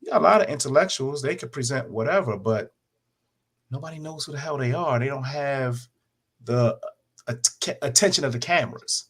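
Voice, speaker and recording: A man in a casual discussion, talking in a measured, thoughtful way as he recounts what he heard. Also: mid-range voice, animated, slightly rough.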